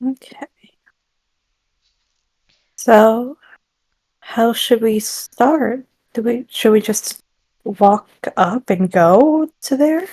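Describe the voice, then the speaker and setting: Slow, hesitant woman player. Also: fairly high pitch, warm tone, dry recording, poor audio. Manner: hesitant, unsure. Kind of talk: playing a tabletop role-play.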